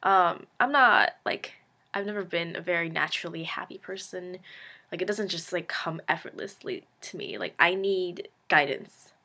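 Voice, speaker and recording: A young woman in her late teens speaks to camera at normal speed in a bright, forceful voice on the low side, with fairly even intonation. Her casual confessional monologue rambles, leans self-deprecating, overflows with "like," and includes candid, sarcastic asides.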